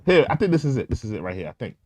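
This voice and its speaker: Young male commentary host, indignant and repetitive, animated delivery. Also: mid-range voice, very fast, dry recording. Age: young adult. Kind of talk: opinionated political commentary.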